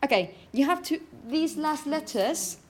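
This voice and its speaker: A woman's voice: sits high, lively intonation, measured pace. A woman teaching a pronunciation class, calling on students by name and correcting them encouragingly. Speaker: phonetics teacher.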